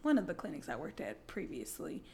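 A woman's voice: deep voice, wildly swooping pitch, fairly quick, a little mellow, a little hiss or hum. A woman co-hosting a podcast, telling funny work stories in casual chat, laughing often and mimicking the people she describes. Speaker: podcast co-host.

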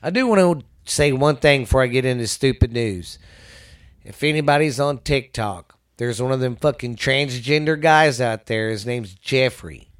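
A man with a mid-range voice, ranting in a blunt, profane, conversational way. He hosts a casual talk show, full of swearing and quick asides. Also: medium pitch.

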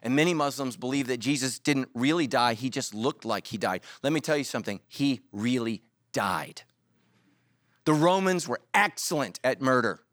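A man's voice: mid-range voice, brisk, few pauses, no echo. A middle-aged man preaching a sermon as a pastor, telling stories with jokes and acting out quotes. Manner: animated storytelling with jokes and acted-out quotes.

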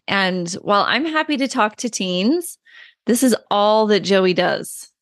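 A woman's voice: mid-range voice, no room sound, clean studio sound. A woman hosting a parenting podcast, chatty and enthusiastic as she interviews her guest. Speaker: podcast host and parent coach.

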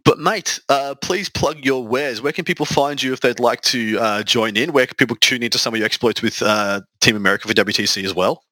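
A man hosts a podcast, talking in a loose, chatty way with frequent laughs and false starts. His voice is bright and lively. The recording is dry and close, with no room sound. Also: mid-range voice, fairly quick, few pauses, no room sound, poor audio. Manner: chatty, laughs often, stumbles and restarts. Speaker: podcast host. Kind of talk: casual podcast chat.

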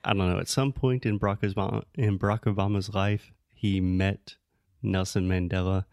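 Man, low and gravelly, patient host who explains English words as he goes, dry close sound. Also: steady tone, darkish tone, dry recording. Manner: explains word meanings, slow and deliberate. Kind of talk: casual chat for English learners.

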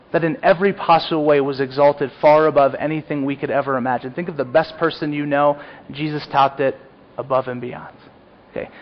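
Earnest preaching man, muffled sound. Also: a little high. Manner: earnest, confessional preaching with rising emphatic peaks. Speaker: pastor. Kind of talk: sermon. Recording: dull lo-fi sound.

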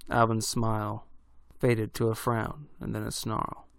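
A man narrating a horror story in a measured, deliberate way. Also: on the low side, completely flat delivery, gravelly, dry recording.

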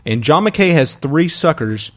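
Male host, lively pitch, rambling casual setup delivery. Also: a little slow. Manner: rambling, with fillers and playful jabs. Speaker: podcast host. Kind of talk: casual chat.

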